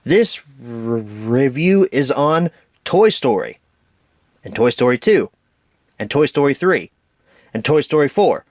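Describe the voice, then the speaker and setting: A man's voice: mid-range voice, sing-song, slow pace, long pauses, dry recording, clean studio sound. A young man in his twenties hosting a casual home media review, chatty and wry, who often stumbles over his words. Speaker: host.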